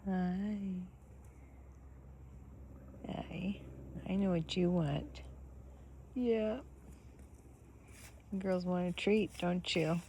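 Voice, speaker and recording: A woman filming her farm animals, chatting casually and talking to them in a gentle, coaxing voice. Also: fairly low pitch, steady tone, takes it slowly, pauses often. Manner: gentle baby-talk to animals, frequent soft laughs. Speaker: farm vlogger. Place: outdoors on a small farm. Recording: outdoor farm noise, animals behind. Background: animal sounds and outdoor ambience.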